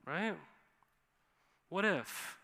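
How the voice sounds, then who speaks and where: A man's voice: sits high, animated, very slow, pushed and bright. A male pastor from Montana preaching a sermon in a casual, conversational way, often acting out quoted voices. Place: church sanctuary. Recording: long reverb of a church hall.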